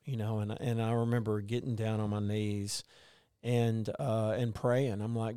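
Halting man, choked up. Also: fairly low pitch, fairly even intonation, a little mellow, clear, resonant tone, dry recording, clean studio sound. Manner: halting, many restarts and fillers. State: choked up, near tears. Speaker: guest telling his story. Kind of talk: emotional personal testimony.

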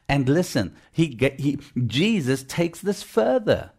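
A man preaching a sermon in an even middle voice. He is emphatic, repeats his phrases in a driving rhythm and calls on the congregation for responses. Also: mid-range voice, unhurried, hardly any pauses. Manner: emphatic, call-and-response, repetitive.

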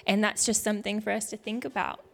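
A woman's voice: mid-range voice, fairly even intonation, fast talker, creaky. Woman telling a heartfelt worship story. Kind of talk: devotional teaching talk.

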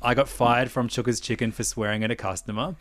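An Australian man rambles through a story in casual chat. His voice sits at an ordinary middle pitch, and the recording is dry and close with no room sound. He trips over restarts and fillers and swears freely as he talks. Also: fairly even intonation, fast talker, fairly bright tone, dry recording.

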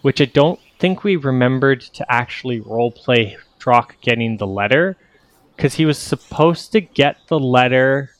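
A man's voice: mid-range voice, animated, moderate pace, no room sound. A man narrating as game master, rambling and correcting himself as he explains the scene.

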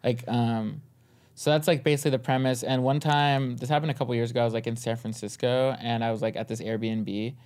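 Halting young man, casual podcast chat. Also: mid-range voice, steady tone, a little mellow. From Southern California. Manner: halting, full of fillers and restarts, laughs often. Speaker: stand-up comedian, podcast guest.

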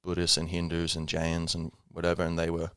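A man's voice: deep voice, completely flat delivery, brisk, smooth, no echo, clean studio sound. A man hosting a casual solo podcast, rambling with many fillers and self-corrections. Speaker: podcast host.

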